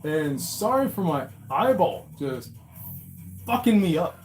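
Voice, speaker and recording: A man with a fairly high voice talks off the cuff, swearing all the time and laughing between lines. He slides from low, quiet mumbling into loud, high-pitched outbursts. Faint music sits under him. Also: very animated, slow pace, poor audio. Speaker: host reacting to reddit stories. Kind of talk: casual profane reaction monologue.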